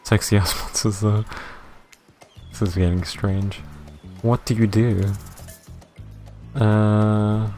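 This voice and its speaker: A man with a very low voice reads game narration aloud in a dry, deadpan manner while chatting to his live viewers. Soft music plays faintly in the background. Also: unhurried. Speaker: streamer.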